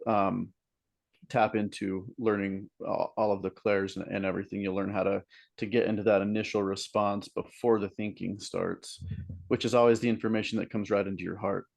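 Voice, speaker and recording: A man's voice: fairly low pitch, vocal fry, darkish tone. A young man talking casually as a guest teacher, meandering with many "likes" and "ums". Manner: meandering and hesitant, full of "like" and "um". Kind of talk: casual explanatory talk.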